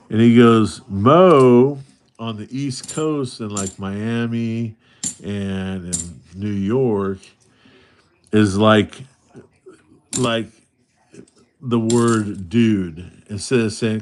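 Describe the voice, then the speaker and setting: A man's voice: fairly low pitch, slow. A man from Los Angeles, host of a coin roll hunting livestream, casually telling a rambling story and answering chat, restarting his sentences as he goes.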